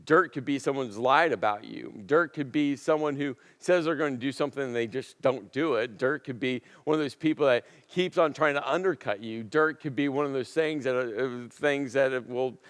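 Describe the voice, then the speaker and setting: A man preaching a sermon as a pastor, telling a story with emphatic repetition and dramatic pauses. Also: mid-range voice, in a large hall. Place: church auditorium.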